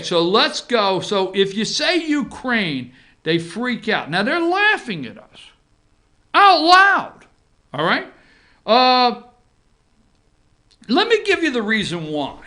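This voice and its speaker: A man's voice: high-pitched, sharp tone. A man hosting a casual opinion show from an office, talking straight to his viewers and checking in with frequent asides. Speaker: host.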